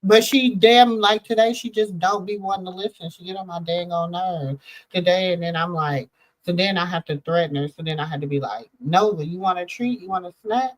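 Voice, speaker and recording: A woman's voice: fairly low pitch, fairly even intonation, brisk, poor audio. A middle-aged woman hosting a casual chat, telling stories in a loose, rambling way full of fillers. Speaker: host.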